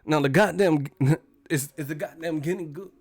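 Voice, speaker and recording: A man doing an impression of a deadpan film actor, with slow, oddly paused delivery. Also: on the high side, natural voice.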